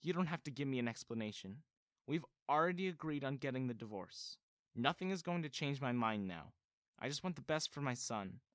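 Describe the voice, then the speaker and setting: A man voicing a departing mother who speaks in a quiet, resigned way. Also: mid-range voice, animated, fairly quick, no room sound, clean studio sound, natural voice. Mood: sad resigned. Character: departing mother, sad and apologetic.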